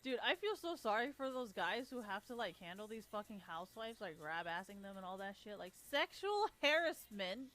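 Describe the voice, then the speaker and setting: A woman's voice: mid-range voice, lively intonation, brisk, hardly any pauses, a bit bright. Young woman streamer, mid-range voice, blunt casual swearing rant. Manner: blunt, heavy swearing, laughs often.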